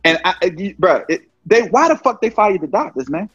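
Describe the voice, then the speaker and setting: Fast, high-voiced husky man. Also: sing-song, fairly bright tone, dry recording, faint music behind. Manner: emphatic, profane slang, frequent restarts. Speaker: guest. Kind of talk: casual storytelling. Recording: slightly dull lo-fi sound.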